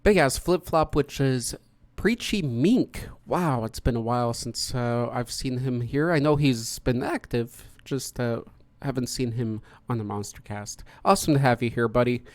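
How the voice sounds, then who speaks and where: A man's voice: medium pitch, measured pace, dry recording. A man hosting a podcast, chatting casually and greeting each guest in turn. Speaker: podcast host. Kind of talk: casual hosted chat.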